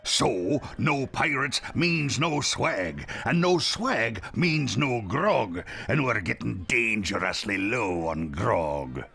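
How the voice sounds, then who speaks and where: An actor playing a gruff, grumbling pirate in a video game, with a gravelly voice. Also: male voice, medium pitch, sing-song, slow, few pauses, pushed and bright, exaggerated voice.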